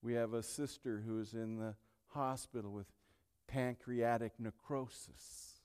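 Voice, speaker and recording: A male pastor preaching an impassioned sermon, swinging between hushed and loud delivery. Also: mid-range voice, steady tone, measured pace, clear, resonant tone. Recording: long hall reverb.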